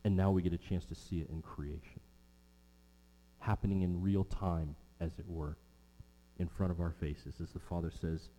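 A man preaching a sermon from the pulpit with a mellow, dark tone. He presses on key words and repeats his main lines for weight. His voice rings with the long reverb of a large hall. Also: low voice, fairly even intonation, moderate pace, a little hiss or hum.

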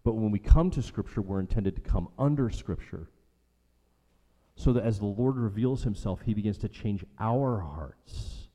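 A man's voice: lowish voice, animated, normal speed, mellow. A man preaching a sermon as a pastor, emphatic and rhetorical, repeating his key lines for weight. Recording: long hall reverb.

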